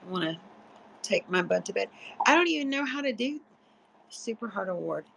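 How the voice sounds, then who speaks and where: Tired, chatty woman with a gravelly edge, loose profane late-night stream talk. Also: mid-range voice, expressive, moderate pace, fairly bright tone, a little hiss or hum, poor audio. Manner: chatty, rambling, salty and profane. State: sleepy, yawning. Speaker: livestreamer. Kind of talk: casual late-night livestream chat.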